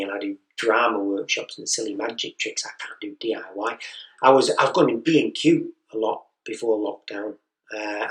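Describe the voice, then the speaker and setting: A man's voice: lowish voice, fairly bright tone. A man doing a stand-up routine, telling a story and acting out the voices of the people in it. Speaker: stand-up comedian. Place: comedy venue. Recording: echoey room, mic heard from a distance.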